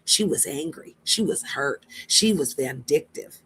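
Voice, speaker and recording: A woman's voice: low-pitched, expressive, a little slow, fairly bright tone, slight background noise. A woman hosting a stream, giving blunt, profane reaction commentary straight to her viewers. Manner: brash, blunt and profane, addresses viewers directly.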